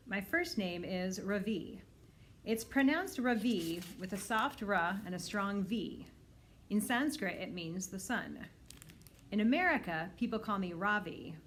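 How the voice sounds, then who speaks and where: Woman, librarian, reads a children's book aloud, clear steady storytelling, mid pitch. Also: a little hiss or hum.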